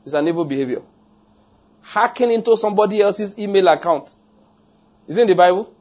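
A man's voice: high-pitched, brisk, a little mellow. A man preaching a sermon in a jokey, emphatic way, laughing at his own points and repeating lines for effect. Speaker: pastor.

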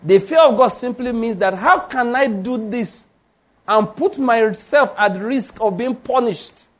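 A man's voice: very high-pitched, a little slow. A man preaching a sermon with emphasis, often putting questions to his congregation.

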